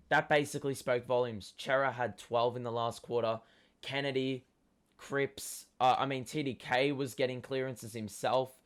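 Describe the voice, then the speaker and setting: Hoarse young Australian man talking footy. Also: mid-range voice. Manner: excitable fan talk with many ums. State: hoarse from cheering. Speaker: fan show host. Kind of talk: casual match review.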